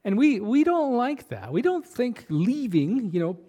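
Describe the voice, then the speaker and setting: Casual-sounding male pastor, mellow voice. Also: extremely high pitch, sing-song, measured pace. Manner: conversational, many fillers and restarts. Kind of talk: sermon.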